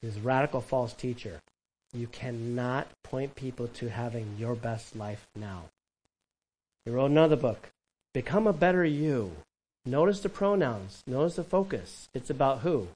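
A pastor delivers a sermon in a mid-range voice, animated and conversational, tossing quick asides to the congregation. The recording is rough.

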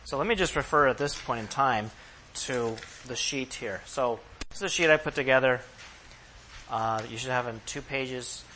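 A man preaching a sermon to a congregation, emphatic, slowing down to read verses aloud and asking the room direct questions. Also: medium pitch, pushed and bright, slight background noise. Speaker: pastor.

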